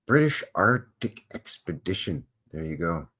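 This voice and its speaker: A Canadian man with a lowish voice hosts a casual live stream. He reads historical notes aloud and keeps interrupting himself with dry, offhand remarks. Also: big pitch swings, a little slow, fairly bright tone, husky. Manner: wry offhand asides between read-out facts. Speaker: live show host.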